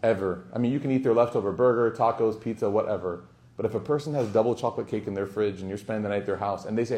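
A man's voice: fairly low pitch, rapid-fire, darkish tone. A man teaching a religious study circle in a casual, joking way. He tells anecdotes and acts out the dialogue. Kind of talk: informal religious lesson.

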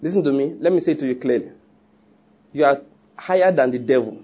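A man's voice: medium pitch, brisk, warm tone, husky. A man preaching a sermon, emphatic and teasing, often repeating his points. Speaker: pastor.

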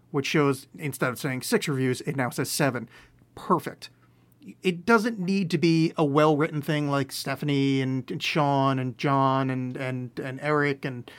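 A man hosting a solo podcast, rambling and self-deprecating with dry sarcastic asides, talking from a room at home. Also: mid-range voice. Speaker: podcast host.

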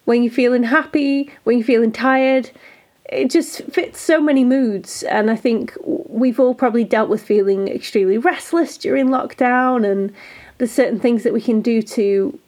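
A woman co-hosts a casual podcast. She speaks in an earnest, thoughtful way in a slightly high voice and often restarts her sentences. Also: normal speed, a little mellow. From English Midlands. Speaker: podcast co-host.

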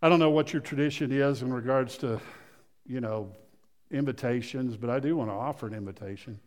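A man preaching a sermon, swinging from loud emphasis to hushed storytelling, often repeating phrases and restarting sentences. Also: medium pitch, fairly quick. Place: church sanctuary. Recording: long reverb of a church hall.

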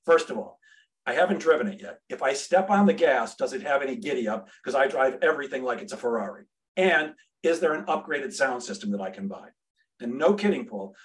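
A middle-aged man, a sales trainer and podcast guest, telling a brash, humorous story and acting out the dialogue. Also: medium pitch.

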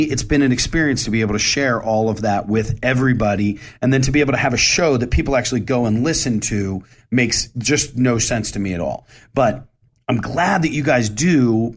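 A man talks straight to his listeners. His voice sits at an ordinary middle pitch, and his delivery is candid and rambling, with plenty of false starts and restarts. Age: 40s. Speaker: show host. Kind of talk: casual monologue.

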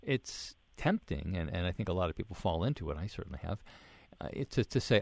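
A man hosting an interview, asking measured questions with halting restarts. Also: low voice, lively intonation, creaky, no echo. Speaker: interviewer host. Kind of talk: radio interview.

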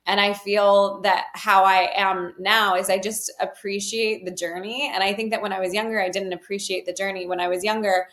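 A woman's voice: medium pitch, flat delivery, moderate pace, few pauses, a bit bright. A woman guest speaking earnestly in a candid interview, with many "like" fillers. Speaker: guest, healer. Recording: roomy echo.

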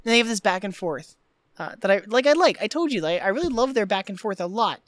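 A woman co-hosting a casual podcast, retelling film scenes in an animated way with lots of "like" fillers. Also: mid-range voice, fast, no echo. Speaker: podcast co-host.

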